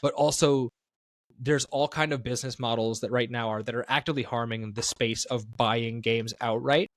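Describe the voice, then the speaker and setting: A man talks through his opinions on a casual podcast, rambling and self-correcting as he goes. His voice sits at an ordinary pitch and is recorded close and dry. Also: fairly even intonation, moderate pace, no room sound. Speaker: podcast co-host.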